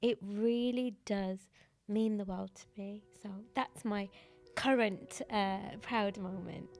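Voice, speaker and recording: A woman's voice: mid-range voice, steady tone, slow pace, faint music behind. A British woman from the UK, a podcast guest speaking earnestly and from the heart. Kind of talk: conversational interview.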